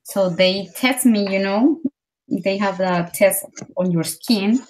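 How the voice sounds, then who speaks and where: A woman from Colombia, a native Spanish speaker with a Colombian accent, telling an animated story full of fillers during casual conversation practice. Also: mid-range voice, slow, rough recording. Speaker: language learner.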